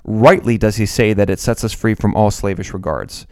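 A man's voice: fairly low pitch, normal speed, dry recording, clean studio sound. A man hosting an essay podcast, reading aloud and reacting in disbelief, with frequent stammered restarts. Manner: incredulous, stammering restarts when worked up. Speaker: podcast host.

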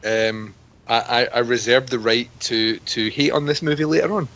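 A man's voice: medium pitch, steady tone, moderate pace, fairly bright tone, lo-fi sound. A man guesting on a podcast, chatty and self-deprecating in casual talk. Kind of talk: casual chat.

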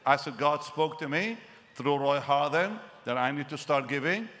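An older male preacher tells a story from the pulpit, his voice bright and a little high for a man. He acts out each side of the conversation with animated, building emphasis, and a long hall reverb trails his words. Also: normal speed. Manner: animated, acts out quoted dialogue with rising emphasis. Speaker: evangelist preacher. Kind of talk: sermon storytelling.

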